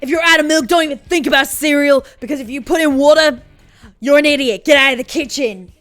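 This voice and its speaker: An angry, foul-mouthed male chef barks insults in a mock British accent, as a woman puts him on. The voice sits high and bright. Faint game music plays underneath. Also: quick pace. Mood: berating. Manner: berating, swearing.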